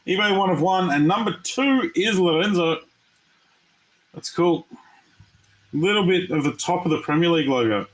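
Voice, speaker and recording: A man's voice: high voice, moderate pace, pauses often, rough recording. A man from Australia hosting a live trading card break, chatting casually with viewers and reacting to each pull. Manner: chatty, excitable, talks to viewers. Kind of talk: casual live-stream commentary.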